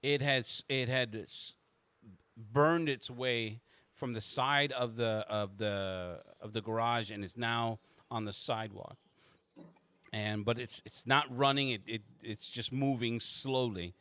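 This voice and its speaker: A man's voice: medium pitch, slow pace, clear, resonant tone, no echo. A man narrating as game master of a tabletop game, with frequent restarts as he describes the scene. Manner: animated, stumbling restarts.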